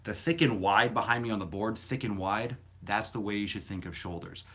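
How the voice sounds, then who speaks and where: A man with a low, deep voice chats loosely on a fitness live stream. He rambles from point to point and answers viewer questions bluntly, with the odd curse thrown in. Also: a little fast, fairly bright tone. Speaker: fitness livestream host. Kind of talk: casual live-stream chat.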